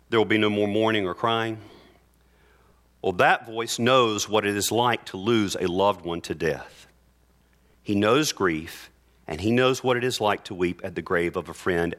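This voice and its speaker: A male pastor preaching earnestly in church, reading scripture aloud with slow, emphatic phrases. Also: low-pitched, a bit bright. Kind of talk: sermon.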